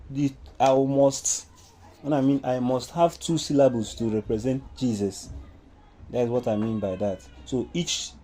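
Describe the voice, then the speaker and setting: A man with a Nigerian English accent walks through a music lesson step by step, now and then singing solfa syllables. His voice is very dark and mellow, and he speaks slowly. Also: medium pitch. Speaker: music teacher. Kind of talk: informal music lesson with sung examples.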